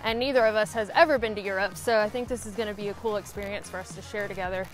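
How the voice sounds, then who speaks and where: A woman's voice: medium pitch, racing, over music. A woman from Alabama with a Southern accent, chatting in a casual vlog while hiking a rural trail. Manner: chatty, upbeat. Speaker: vlogger.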